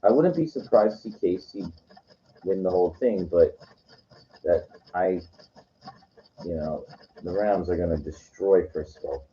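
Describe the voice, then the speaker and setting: A weekend vlogger rambles loosely in a low-pitched male voice, speaking a little slowly with long pauses. His casual monologue is full of "you know" and "like," with frequent restarts. The recording is dull and lo-fi, with slight background noise.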